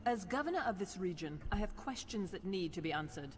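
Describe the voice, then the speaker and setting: A woman's voice: medium pitch, animated, fairly quick, a little hiss or hum, natural voice. An actress playing a stern, no-nonsense female governor in a video game, authoritative and curt. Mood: formal.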